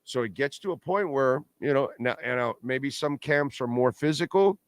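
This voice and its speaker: A middle-aged man hosting a postgame sports talk livestream, animated and blunt, repeating points for emphasis. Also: mid-range voice, moderate pace, smooth, no room sound. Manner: blunt and salty, pleads with viewers. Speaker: sports talk show host.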